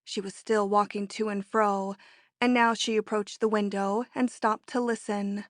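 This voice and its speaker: A woman narrating a classic romance novel as an audiobook in a measured storytelling manner. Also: mid-range voice, flat delivery, no room sound, clean studio sound. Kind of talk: scripted narration.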